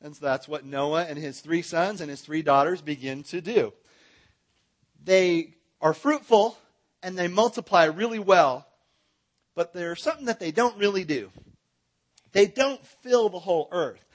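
High-voiced playful man teaching a Bible seminar. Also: unhurried. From Southern California. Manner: playful, jokey, coaxes the audience to join in. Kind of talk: lively live Bible seminar with audience participation.

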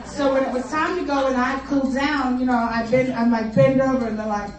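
Animated woman storyteller in an echoey hall. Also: high voice, brisk. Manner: animated, playful, chatty storyteller. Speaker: luncheon speaker, pastor's wife. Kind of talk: humorous personal storytelling talk. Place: conference luncheon hall. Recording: echoey hall, voice from far off, faint crowd and noise.

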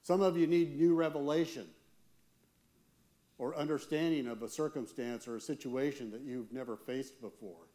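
A man, a church elder, preaching a sermon with earnest, slow, emphatic pauses. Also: mid-range voice, mellow.

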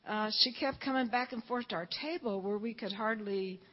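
A woman's voice: a little high, normal speed. An older woman from Georgia, telling a fervent story-filled testimony at church. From Georgia, USA. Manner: storytelling, fervent, quotes people in dialogue. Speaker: church speaker giving testimony. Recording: dull lo-fi recording.

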